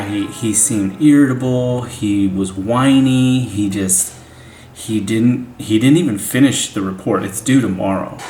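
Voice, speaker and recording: A young father with a lowish, darkish voice tells a family story casually and ramblingly, packing it with "like" and "you know." The room is echoey, with faint music in the background.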